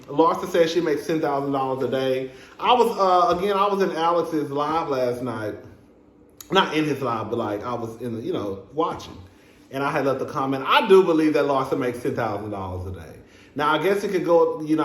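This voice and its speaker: A young man reviewing a reality show in casual, sassy chat, calling his viewers "girl" and laughing between remarks. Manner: frequent fillers and laughs, quick high-pitched asides. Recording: echoey room.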